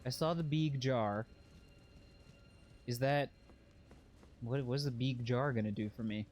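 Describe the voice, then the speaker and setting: A man's voice: medium pitch, unhurried, darkish tone, slight background noise. A man streaming a video game, joking with chat and repeating phrases in mock panic. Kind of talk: casual gameplay commentary.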